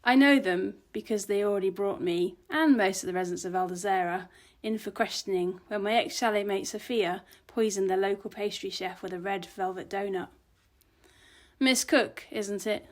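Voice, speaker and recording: Woman reading her cozy mystery out loud, first person, mid pitch, even and clear. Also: moderate pace, hardly any pauses. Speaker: author reading her own story. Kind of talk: first-person audiobook narration.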